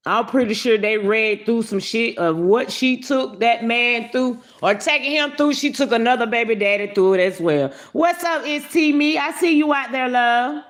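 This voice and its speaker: A woman's voice: fairly high pitch, animated, moderate pace, hardly any pauses. A woman hosting a casual livestream, greeting viewers by name and giving brash, profane commentary with lots of laughter.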